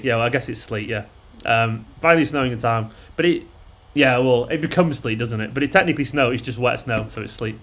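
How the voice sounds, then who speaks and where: A man's voice: medium pitch, fairly bright tone. Bloke chatting on his stream, sweary, rambly, lots of ums. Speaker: fan channel host. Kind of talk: casual live-stream chat.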